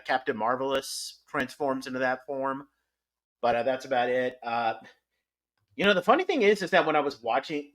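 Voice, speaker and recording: A man hosting a podcast, talking through episodes in a casual, animated way, rambling with frequent restarts. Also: mid-range voice. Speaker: podcast host. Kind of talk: casual review chat.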